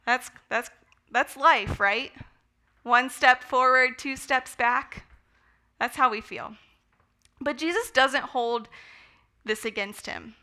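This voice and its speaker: A woman giving a conversational Bible teaching, enthusiastic and relaxed, with the odd filler. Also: high-pitched, takes it slowly, pauses often. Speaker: speaker teaching a Bible study. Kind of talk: sermon-style Bible teaching.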